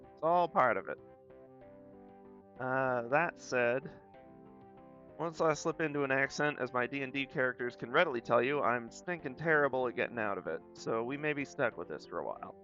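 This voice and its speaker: A man's voice: mid-range voice, moderate pace, fairly bright tone. A young man with a light Southern US accent, chatting in a rambling, self-deprecating way while he draws on stream. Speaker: art streamer. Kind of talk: casual chat while drawing. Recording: slightly dull sound, faint guitar music.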